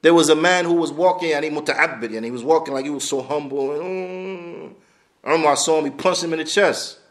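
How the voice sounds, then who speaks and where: A man teaching a class on hadith, talking bluntly and casually with lively asides, dropping Arabic terms into his English. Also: fairly high pitch, brisk. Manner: animated, blunt street-style talk, laughs, mixes in Arabic terms. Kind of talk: lecture on hadith.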